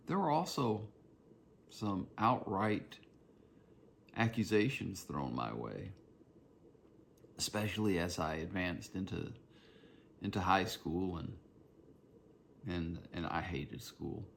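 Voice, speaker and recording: A man's voice: low-pitched, vocal fry, a little hiss or hum. A man with a Southern Georgia accent, hosting his own podcast in a reflective, rambling solo monologue. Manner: reflective, meandering, personal storytelling. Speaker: podcast host.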